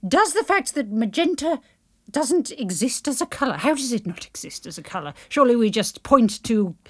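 A woman's voice: on the high side, sing-song, normal speed, no echo, studio quality. A woman hosting a casual comedy podcast, playful and giggly, with a mock-mystical air as she answers listener letters.

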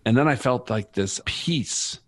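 A man's voice: medium pitch, lively intonation, unhurried, no echo. A middle-aged man telling his personal faith story as a guest, earnest and reflective. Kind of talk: personal faith testimony in conversation.

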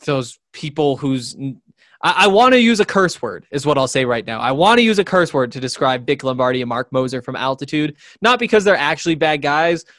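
A man's voice: fairly high pitch, a bit bright, dry recording, clean studio sound. A man in his twenties co-hosting a sports podcast in casual chat, rambling through stories with lots of fillers. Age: 20s. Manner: rambling storyteller, many fillers.

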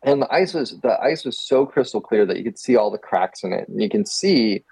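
A man from Texas shares an adventure as a podcast guest, chatty and animated, with lots of fillers. His voice is husky and warm. The sound is dry and close. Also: on the low side, fairly quick, no echo, poor audio. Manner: animated, laughing, many fillers. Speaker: guest photographer. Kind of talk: casual storytelling.

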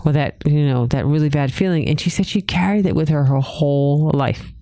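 A woman's voice: deep voice, a little fast, dark tone, no echo. A woman with a New England accent co-hosting a podcast, telling stories and asking questions in casual chat. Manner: chatty, storytelling, asks questions. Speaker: podcast co-host.

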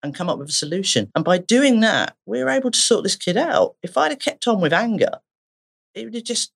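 A woman's voice: fairly low pitch, fairly quick, gravelly, breathy edge. A woman therapist with an Essex accent, telling stories animatedly in a podcast conversation and laughing often. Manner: animated storyteller, laughs often, acts out voices. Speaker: therapist guest.

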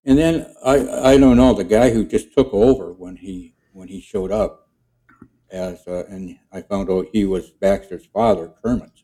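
A man chatting casually on a podcast in a rambling, halting way as he introduces his character voices. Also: on the low side, mellow, rough recording. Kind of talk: casual chat.

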